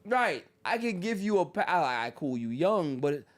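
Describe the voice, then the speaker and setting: A man hosting a casual sports podcast, slangy and animated, slipping into quick impressions of people. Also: fairly high pitch. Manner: animated, slangy, mimics people mid-story. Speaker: podcast host.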